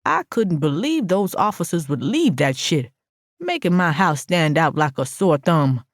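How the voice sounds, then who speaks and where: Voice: mid-range voice, very animated, a little slow, no echo, studio quality. An audiobook narrator reading a first-person story in a brash, sassy, profane voice.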